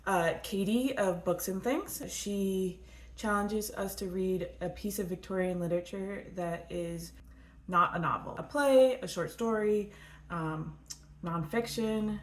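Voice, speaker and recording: A woman's voice: medium pitch, unhurried. A woman co-hosting a casual book chat, upbeat and sprinkled with fillers. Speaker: co-host of a book channel. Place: United States. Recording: echoey room.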